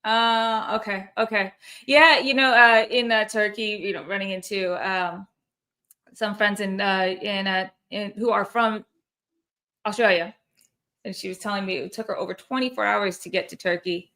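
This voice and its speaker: A woman's voice: medium pitch, fairly even intonation, moderate pace, sharp tone. A woman hosting a casual online call, chatty, with frequent laughs and trailing fillers. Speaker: host. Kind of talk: casual livestream chat.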